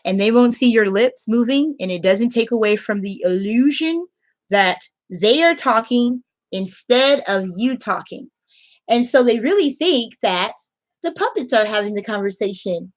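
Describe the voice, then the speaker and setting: A woman English teacher giving casual tips in a playful, animated way, laughing often. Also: on the high side, unhurried.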